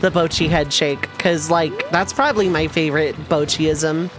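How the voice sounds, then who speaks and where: A game streamer talks casually with chat while playing, rambling and easily amused. The voice sits at a middle pitch. Faint game music plays underneath. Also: steady tone, normal speed. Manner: rambling, self-amused, chats with viewers.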